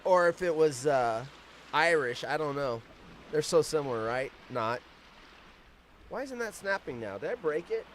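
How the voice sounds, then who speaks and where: A man's voice: fairly high pitch, lively intonation, slight background noise. A man in his fifties hosting a casual live stream from outdoors on vacation, rambling off on tangents and swearing freely. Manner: profane, rambling, quick tangents. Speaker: host.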